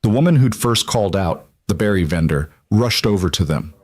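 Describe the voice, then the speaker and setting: A man giving scripted narration of a story in an even, measured way. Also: deep voice, no echo, clean studio sound.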